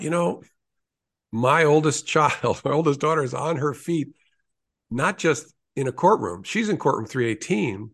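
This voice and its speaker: A man's voice: a little high, a bit bright. A man in his sixties, an author being interviewed, telling stories in an earnest, reflective way with small restarts.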